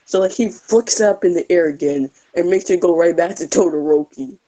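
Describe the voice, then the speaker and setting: A woman's voice: lowish voice, brisk, mellow, low-quality recording. A young woman casually improvising a fan story, rambling with many fillers.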